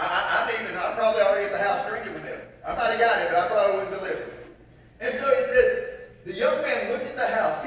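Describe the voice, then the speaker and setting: In a large church sanctuary, a pastor with a high voice preaches, picked up from a distance in the echoey hall with slight background noise. He tells a story, performing the characters' voices and chuckling at himself.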